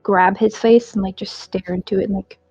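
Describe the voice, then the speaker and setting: A woman's voice: medium pitch, steady tone, fairly quick, a little mellow, slightly rough, no echo, dull audio, faint music behind. A woman playing a tabletop role-playing game, chatting casually with many fillers. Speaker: player.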